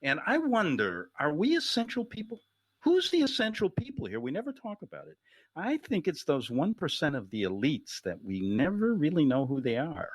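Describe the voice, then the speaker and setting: A man's voice: a little high, huge pitch swings, normal speed, breathy edge, dry recording. A man hosting a talk radio show, delivering a rambling, jokey comedic monologue into a studio microphone.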